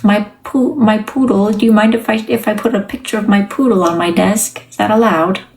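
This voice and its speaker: A woman's voice: mid-range voice, fairly even intonation, brisk, vocal fry, a little mellow, lightly acted, low-quality recording. A woman putting on the voice of a timid, eager young man asking his boss for permission, with a nasal tone. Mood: meek, eager.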